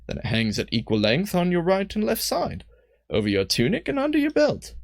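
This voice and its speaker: A man voicing a calm, knowing female mage companion from a fantasy game, attempting a British accent. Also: high-pitched, fairly quick, gravelly, no echo, studio quality, voice pushed up, full character voice.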